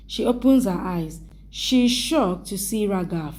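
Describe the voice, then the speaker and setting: Mellow-voiced woman narrating a recap. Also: mid-range voice, lively intonation, measured pace. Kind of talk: reading a drama episode recap.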